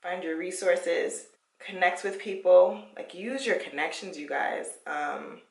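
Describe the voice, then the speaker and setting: A young woman vlogging from her parents' home, talking casually about goals as she undoes her hair. Her voice sits low with a gravelly edge, and she laughs often as she encourages viewers. The sound carries an echo from the room, and she sits well back from the mic. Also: measured pace, far from the mic. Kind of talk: casual chat while taking out hair.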